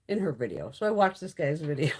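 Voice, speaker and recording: A middle-aged woman chats casually on her live stream, blunt and foul-mouthed and quick to laugh. Her voice is husky, and her pitch swings widely as she talks. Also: big pitch swings, darkish tone. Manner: chatty and blunt, swears freely, laughs often. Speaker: beauty YouTuber hosting a live stream.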